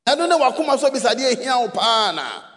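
A Ghanaian man preaching a sermon, emphatic, repeating rhetorical questions and rising to shouts. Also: extremely high pitch, big pitch swings, fairly quick, big-room sound.

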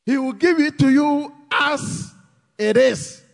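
A man with a Ghanaian accent preaching a sermon, pleading with the congregation and rising to shouted emphasis. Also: very high voice, takes it slowly, gravelly, big-room sound.

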